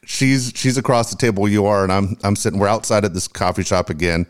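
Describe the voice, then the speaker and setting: A man's voice: lowish voice, steady tone, quick pace. A man co-hosting a casual podcast, telling rambling, profane stories. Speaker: co-host.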